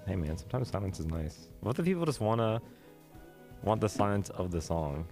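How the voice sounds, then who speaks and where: A young man in casual chat, co-hosting and picking songs, playful and animated. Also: on the low side, a little fast, faint music behind. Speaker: co-host playing music.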